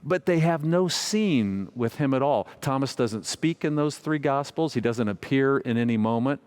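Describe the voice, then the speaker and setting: Man, pastor, sermon, humorous storytelling, self-mocking, mid-pitched voice. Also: animated, moderate pace, clear, resonant tone. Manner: warm humorous storytelling, gentle self-mockery.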